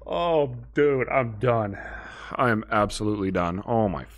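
A man's voice: on the low side, expressive, unhurried. A young man hosting an anime reaction channel, exclaiming, swearing and laughing his way through casual commentary. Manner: exclamatory, profane, keeps breaking into laughter.

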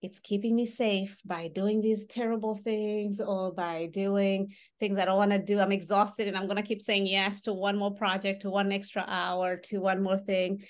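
A middle-aged woman trainer gives a workshop talk in a conversational teaching style, using everyday examples and often checking in with her audience. Her voice is medium-pitched with little pitch movement, and she speaks at a moderate pace with hardly any pauses.

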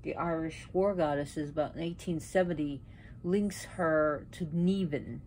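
A woman with a low, unhurried voice talks through old myths at home, drifting off topic and catching herself. A faint hum of room ambience sits behind her. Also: darkish tone. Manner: rambling, self-correcting, with sudden outbursts. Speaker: pagan video host. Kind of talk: casual talk about mythology while arranging an altar.

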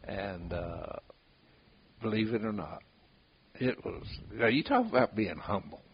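Laughing along at his own folksy tales, an older man who tracks with bloodhounds chats casually in a lowish, husky voice with lively intonation and no hurry. Hiss runs through the dull, lo-fi recording.

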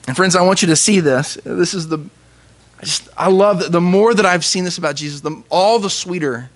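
A young man, a pastor, giving an earnest sermon with emphatic pauses. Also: high voice.

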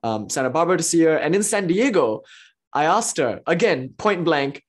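An enthusiastic spiritual teacher lectures on philosophy in a lively, storytelling way. The voice leaps up in excitement, then drops into quiet, hushed asides, with frequent laughs. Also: mid-range voice, brisk, breathy edge. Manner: swings between excited exclamations and hushed asides.

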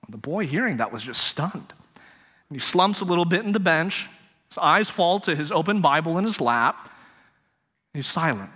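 A man's voice: a little high, animated, moderate pace, long pauses, pushed and bright, husky. A male pastor preaching a live sermon, telling a story and pressing his points with rhetorical emphasis. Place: church sanctuary, live service. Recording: reverberant church hall.

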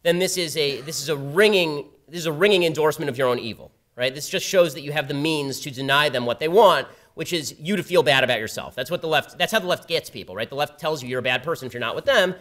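A man giving a public talk at a campus event, telling a story in a rapid, sardonic way. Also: a little high, a bit bright. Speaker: guest speaker at a campus event. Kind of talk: public talk with a told anecdote. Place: university event before a live audience.

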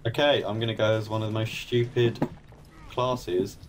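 Excitable man gaming, noisy mic. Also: on the low side, normal speed. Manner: excitable, chants and shouts in-game. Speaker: gaming channel co-host. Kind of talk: casual gameplay commentary.

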